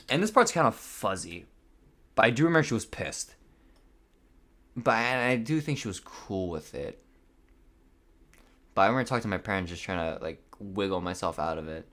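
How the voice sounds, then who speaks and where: A man's voice: medium pitch, a bit bright. A young man hosting a casual solo podcast, rambling through a story, swearing freely and laughing at himself. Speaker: podcast host. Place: home room by a window.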